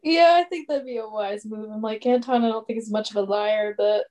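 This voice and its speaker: A woman's voice: medium pitch, brisk, a little mellow, lo-fi sound. A woman chatting casually as a player in a tabletop game.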